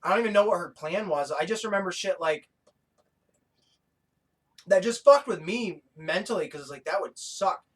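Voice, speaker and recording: Excitable, foul-mouthed man, slightly high voice. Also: moderate pace, pauses often, slightly rough. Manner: profane, excitable, laughs easily. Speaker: podcast co-host. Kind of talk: casual chat.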